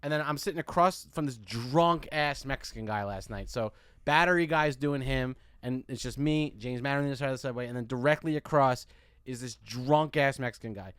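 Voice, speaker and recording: Young comedian dude rambling thru a story, bright voice, dry close mic. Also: male voice, mid-range voice, a little fast, clear, resonant tone, no echo. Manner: animated, rambling, many restarts and fillers. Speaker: comedian and podcast host.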